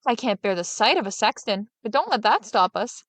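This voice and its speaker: A woman voicing a gullible, easily frightened farmer who speaks in excitable, fearful bursts, in a storybook reading. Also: on the high side, fairly quick, no room sound. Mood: nervous.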